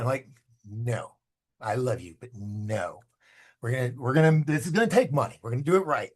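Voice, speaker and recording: A man's voice: medium pitch, fairly quick, husky. A man, a filmmaker guest, telling stories in a casual interview and acting out the voices of the people he quotes. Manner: animated, acts out quoted dialogue.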